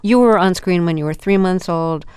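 Smooth-voiced woman radio interviewer. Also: fairly low pitch, darkish tone, no echo. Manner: measured, curious questioning. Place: radio studio. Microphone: studio microphone.

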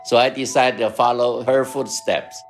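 A man in his seventies from Taiwan with a Taiwanese accent, recalling his past in an interview with halting, unhurried speech and many fillers. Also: medium pitch, steady tone. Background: music.

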